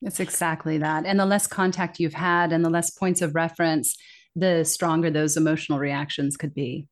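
A woman's voice: sits low, little pitch movement, moderate pace. A woman speaking as an interview guest in an earnest, reflective way, often quoting the complaints she hears. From English-speaking country. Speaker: accent bias consultant, guest. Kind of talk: conversational interview.

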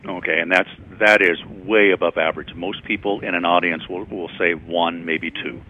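A man's voice: sits low, fairly even intonation, moderate pace, slight background noise. A man speaking as a guest on a radio talk show, telling stories in a conversational way and acting out quoted lines. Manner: conversational storyteller, acts out quotes. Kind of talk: radio interview, anecdotal explaining. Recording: tinny phone-like radio sound.

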